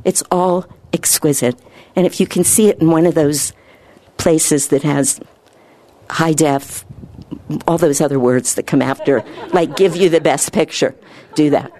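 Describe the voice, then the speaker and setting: A woman giving an informal spiritual talk, earnest and rambling, her voice lifting higher when she gets excited. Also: unhurried. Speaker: spiritual speaker.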